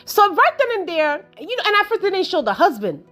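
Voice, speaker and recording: A woman giving a casual, chatty film review, animated and exasperated as she retells the plot with lots of asides and laughter. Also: very high voice, brisk, faint music behind. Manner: exasperated storytelling, acting out her own reactions.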